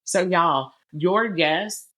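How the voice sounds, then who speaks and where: A woman's voice: on the low side, very slow, fairly bright tone. A middle-aged woman hosting an interview podcast, talking animatedly and calling her listeners "y'all". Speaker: podcast host. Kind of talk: conversational interview.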